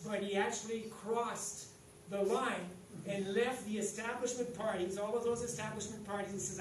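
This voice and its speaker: A man's voice: high-pitched, steady tone, moderate pace. A man hosting a political event, introducing the guest with earnest, repetitive emphasis. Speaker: event host introducing the speaker. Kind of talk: rally introduction. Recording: echoey hall, distant mic, faint noise.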